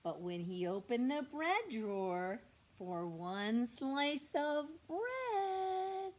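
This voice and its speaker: A kindergarten teacher reads a picture book aloud to her young class, slow and expressive, dropping into whispered asides. Her voice is high and lively, rising and falling widely. It has a soft, breathy edge.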